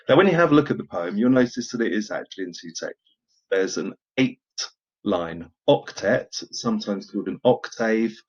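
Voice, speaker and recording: Man, teacher explaining poetry, husky low voice, hesitant with fillers, dull lo-fi audio. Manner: relaxed, many ums and uhs. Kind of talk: explaining a poem to students. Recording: dull lo-fi recording.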